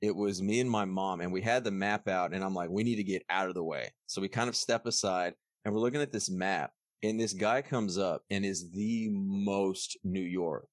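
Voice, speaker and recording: A lower-voiced man with a Texan accent hosts a casual podcast. He tells stories animatedly and slips into quick put-on voices. The sound is dry and close. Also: no echo. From Texas. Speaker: podcast host. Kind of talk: casual chat.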